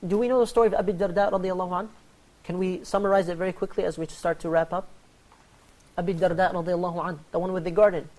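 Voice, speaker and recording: A man hosting a religious panel talk on charity, telling stories in an animated way and acting out the quoted lines. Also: high-pitched, fast. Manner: animated storyteller, acts out quoted dialogue. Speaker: host.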